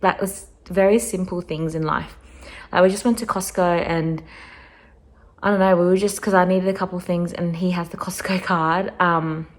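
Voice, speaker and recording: A woman's voice: on the low side, fairly even intonation, moderate pace. A young woman talking casually to camera in a vlog, rambling and sentimental, full of "like" and "I don't know". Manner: soft-spoken, sentimental. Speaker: vlogger. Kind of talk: casual reflective talk to camera.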